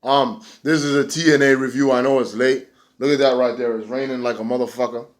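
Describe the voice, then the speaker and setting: A man's voice: medium pitch, a little fast. Casual, profane male wrestling reviewer. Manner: animated, does loud mocking voices for wrestlers. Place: indoors, rain heard outside.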